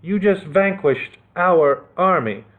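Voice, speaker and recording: A small, sniffly princess speaks in a high, plaintive voice, as a man puts her on. Her lines rise and fall a lot, and the audio sounds thin, like a phone line. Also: animated, slow. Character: small sad princess girl.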